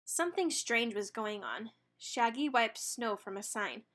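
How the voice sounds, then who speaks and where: A woman narrating a children's picture book read-aloud with expressive storytelling. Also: fairly high pitch, a little slow, few pauses.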